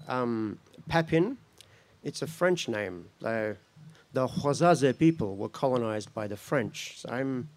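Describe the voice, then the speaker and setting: Slow-speaking man telling his heritage. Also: a little high, darkish tone, no echo. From Australia. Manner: slow, reflective, laughs between phrases. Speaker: speaker at a gathering. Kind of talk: personal spoken-word talk.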